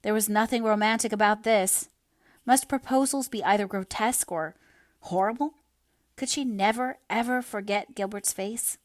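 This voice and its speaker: A woman reading a novel aloud as narrator, in a measured, expressive way. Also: medium pitch, no room sound, studio quality. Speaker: audiobook reader. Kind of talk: storybook narration.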